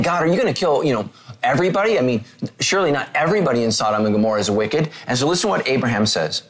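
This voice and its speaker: A man preaching a sermon. He reads scripture slowly and retells it in casual, animated paraphrase, talking straight to his listeners. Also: mid-range voice. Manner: talks directly to listeners, asks them to take notes.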